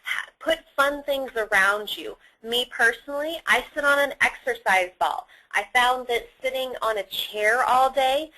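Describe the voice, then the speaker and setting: A woman's voice: high voice, a little slow, pushed and bright, low-quality recording. A woman giving a sales training lecture, explaining how to use tone and emphasis on the phone. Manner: instructive, demonstrates emphasis on example sentences.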